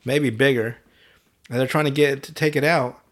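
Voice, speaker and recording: A man casually recapping an anime on a podcast, swearing often and slipping into quick voices for the characters. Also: mid-range voice. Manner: profane, animated retelling with quick voiced asides. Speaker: podcast host.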